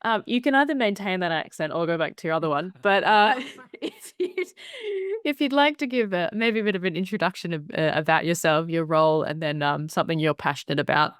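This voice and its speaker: Low-voiced woman hosting a podcast. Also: brisk, clear, resonant tone, dry recording, clean studio sound. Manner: friendly and easygoing, with fillers and light laughs. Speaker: podcast host. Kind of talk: podcast interview.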